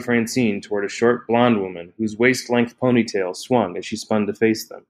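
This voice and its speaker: A man with a lowish voice narrates a novel for an audiobook, keeping his scripted delivery calm and measured.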